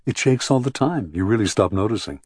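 A man voicing a tired, gentle middle-aged woman in an audiobook, soft and reassuring, with a husky voice. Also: fairly low pitch, lively intonation, fairly quick, dry recording, studio quality. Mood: tender. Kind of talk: audiobook character reading.

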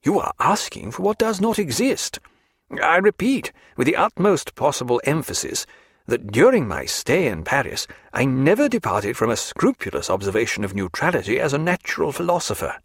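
A man's voice: medium pitch, very animated, moderate pace, husky, dry recording. A man voicing a composed naval doctor who answers questions with dry, precise, formal evasions.

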